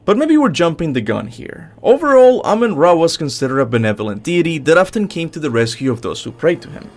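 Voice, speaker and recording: A man hosting a gaming channel, reading a scripted top-ten commentary with upbeat emphasis. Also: fairly quick. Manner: lively, swooping pitch with upbeat emphasis.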